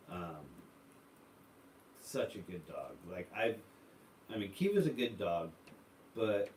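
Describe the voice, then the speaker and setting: Low-voiced man in an echoey room. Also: darkish tone, distant mic, a little hiss or hum. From United States. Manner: rambling storytelling with many fillers. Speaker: livestream host. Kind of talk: casual chat reading viewer comments.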